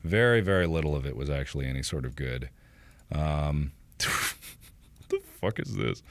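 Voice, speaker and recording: A man chats through a casual livestream, cracking jokes at his own expense. His voice is low and gravelly, and it swings widely in pitch. The sound is dry and close. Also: lively intonation, normal speed, dry recording. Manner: joking, self-mocking. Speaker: streamer.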